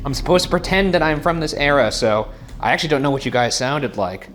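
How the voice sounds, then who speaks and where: A man's voice: on the high side, lively intonation, quick pace, soft background music. Jumpy male ghost-hunt host. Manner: jumpy, swings between hushed muttering and loud calling out. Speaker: ghost hunting show host. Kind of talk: solo ghost hunt narration. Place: old house, indoors.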